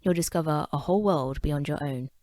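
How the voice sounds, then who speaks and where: English woman, low register, podcast host, wry self-deprecating delivery, dry close recording. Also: fairly quick, a little mellow, no echo. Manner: wry, self-mocking asides. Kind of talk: casual podcast monologue.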